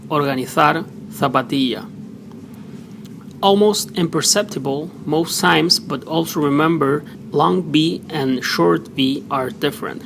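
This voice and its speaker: Slow, careful male language teacher. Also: fairly high pitch, gravelly. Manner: deliberate, sounds out example words one by one. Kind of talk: slow pronunciation lesson. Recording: noisy background hiss.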